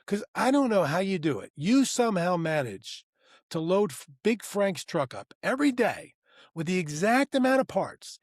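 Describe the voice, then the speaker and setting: A man co-hosting a podcast, telling a workplace story in a rambling, animated way. He acts out both sides of the conversation and keeps saying "right?" and "I go". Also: high-pitched, normal speed, no echo, studio quality. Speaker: podcast co-host. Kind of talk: casual storytelling.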